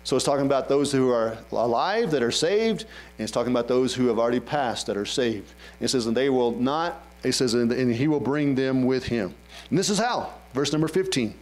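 A man preaching a sermon in church, rising to high, loud calls and dropping to soft, low asides. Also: animated, normal speed, faint music behind, low-quality recording. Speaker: pastor.

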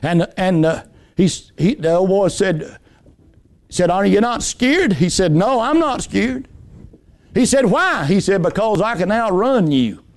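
A man preaches a fervent sermon in a notably high voice. He tells folksy stories, rising to ringing emphatic peaks and dropping to hushed, low passages. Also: expressive, measured pace. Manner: impassioned, swinging between high emphatic lines and low hushed ones; folksy storytelling with homespun anecdotes.

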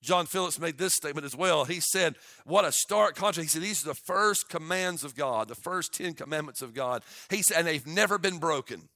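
A man preaching a sermon to his church, impassioned and building to loud exclamations of awe. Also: on the high side, a little fast, few pauses, no echo, studio quality. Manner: impassioned, rising to shouts of awe. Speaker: pastor.

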